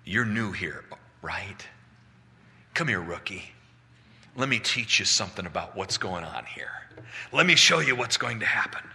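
A man doing a low, calm old elder. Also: measured pace, vocal fry, long pauses, in a large hall, heavily acted. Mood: reassuring. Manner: low, calm, folksy reassurance. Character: older male elder, comforting and teasing.

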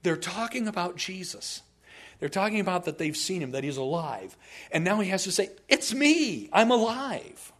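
A man's voice: high-pitched, brisk. A man preaching a sermon as a pastor, telling the story with animation and humorous asides.

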